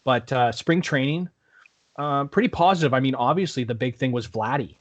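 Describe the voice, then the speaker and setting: A man co-hosting a sports podcast, relaxed and a bit hesitant. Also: mid-range voice, moderate pace, dry recording. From Canada. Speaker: podcast co-host. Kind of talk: casual sports podcast chat.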